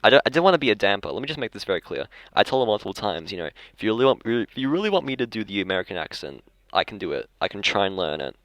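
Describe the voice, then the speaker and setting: A man's voice: fairly low pitch, sing-song, rapid-fire, hardly any pauses, fairly bright tone, no echo. A young Australian man hosting a casual podcast, rambling and correcting himself as he goes. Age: young adult. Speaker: podcast host. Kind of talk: casual chat. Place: school library.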